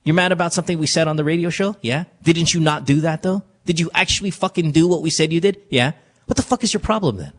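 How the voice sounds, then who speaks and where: A man hosting a radio advice show, talking bluntly and profanely in animated stories. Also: a little high, quick pace. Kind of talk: casual radio talk.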